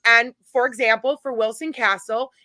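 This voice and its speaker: A woman who organizes paranormal events tells a funny story in a casual chat, animated and laughing as she goes. Her voice is somewhat high, her pace moderate, and the recording has no echo.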